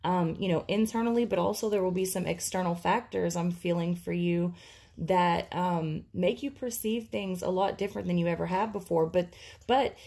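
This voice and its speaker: Husky woman doing a tarot reading. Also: on the low side, fairly even intonation, moderate pace, warm tone. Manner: casual, thinking aloud with many fillers. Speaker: tarot reader.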